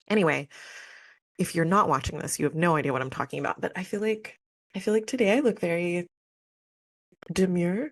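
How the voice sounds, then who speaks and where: A young woman talks openly on her spiritual podcast, her low voice recorded close and dry. She speaks candidly and emotionally, with lots of casual fillers as she opens up to her listeners. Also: brisk, pauses often, dry recording. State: near tears at times. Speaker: podcast host. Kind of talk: personal spiritual podcast monologue.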